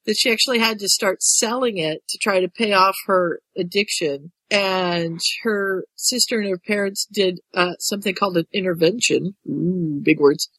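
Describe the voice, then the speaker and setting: A woman hosts a casual group call, reading notes aloud in a relaxed way and joking about her own wording. Her voice is close and dry, with no room around it. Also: mid-range voice, moderate pace, hardly any pauses, no echo.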